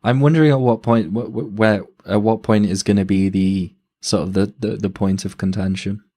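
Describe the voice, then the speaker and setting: A man reacts to a video during a live stream, thinking aloud with a halting, thoughtful delivery. His voice sits a little low, and he is often amused. He comments casually as he watches. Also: steady tone, mellow.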